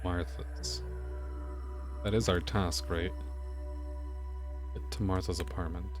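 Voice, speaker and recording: A man's voice: low voice, fairly even intonation, slow, over music. A man streaming a video game, muttering wry, casual commentary with frequent swearing. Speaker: gaming streamer. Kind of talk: casual let's-play commentary.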